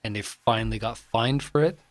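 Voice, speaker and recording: A man's voice: mid-range voice, fairly quick, dry recording. A man who is a guest on a podcast, chatting casually and swearing wryly. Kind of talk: casual chat.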